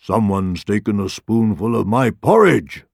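A man voicing a big father bear in a children's storybook, roaring slowly and drawn-out. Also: on the low side, animated, vocal fry, darkish tone, breathy edge, no echo, clean studio sound, exaggerated voice. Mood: angry.

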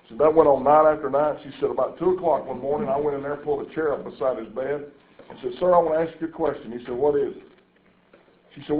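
A man preaching a sermon to a congregation, telling folksy stories and turning to the listeners with asides. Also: fairly high pitch. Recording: echoey room over a tinny phone-like line.

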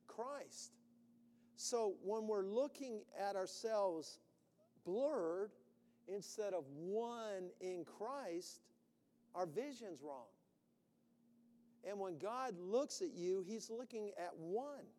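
A man preaching a sermon in an animated way, breaking into sudden shouts as he acts out worried voices. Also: high-pitched, big-room sound, slight background noise.

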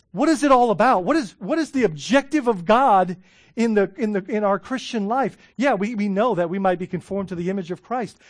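A man's voice: high voice, no echo, studio quality. A man preaching a sermon, earnest, asking rhetorical questions and often restarting his phrases. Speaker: pastor.

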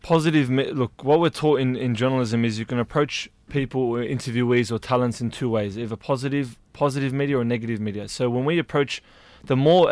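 A man's voice: mid-range voice, no room sound. A young man, a journalism student co-hosting a casual panel discussion, talking with many ums and restarts. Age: young adult. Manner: hesitant, with fillers and restarts, laughs easily. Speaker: journalism student and show co-host.

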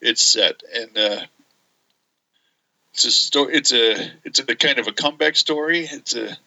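Halting, very bright-voiced male podcaster. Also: mid-range voice, creaky, highs cut off. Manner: halting, many fillers and restarts, enthusiastic. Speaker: podcast co-host. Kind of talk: casual chat.

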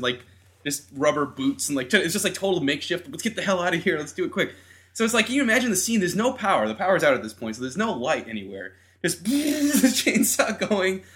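Man, podcast co-host, animated storyteller, lively swooping voice, bright tone. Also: on the high side. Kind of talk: casual podcast chat.

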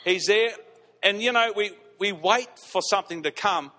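A fairly high-voiced man preaching to his congregation, telling stories with lively emphasis and repeating key phrases. His voice rings out with a long hall reverb around it. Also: normal speed. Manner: animated, repeats lines for emphasis, laughs at his own stories. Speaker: pastor. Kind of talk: storytelling sermon. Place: church hall.

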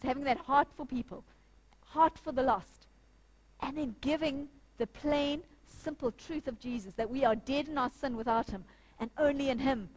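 A woman preaching a sermon in church, earnest and emphatic. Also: on the high side. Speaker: church speaker.

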